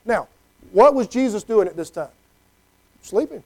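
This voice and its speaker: A man's voice: high voice, animated, a little slow, poor audio. A middle-aged man preaching a conversational sermon, often checking in with "okay?". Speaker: pastor.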